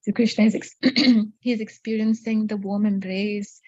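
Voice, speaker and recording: A woman leads a devotional storytelling class, talking in a casual, searching way with frequent fillers and check-ins. Her voice is mellow and a little husky, with a fairly flat pitch. The recording is dry and dull, with a lo-fi sound. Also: a little slow, no echo. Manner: conversational, searching for words, many fillers.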